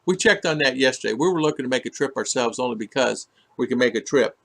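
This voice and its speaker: On a casual livestream from home in the Philippines, a man answers chat comments and greets viewers by name. His creaky, fairly bright voice sits at a middle pitch, animated and fast, and he rambles, often stopping to restart and leaning on "uh" to fill gaps.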